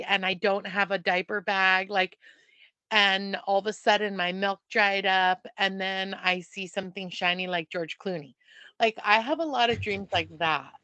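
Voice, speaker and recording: A woman co-hosting a podcast in casual chat, playful and joking with quick asides. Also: mid-range voice, sharp tone, dry recording. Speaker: podcast co-host.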